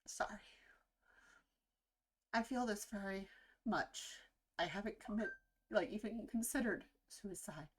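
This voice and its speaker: A woman hosting a reaction video, talking earnestly and reflectively in a casual way, with halting pauses. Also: medium pitch. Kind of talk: casual spoken reaction commentary.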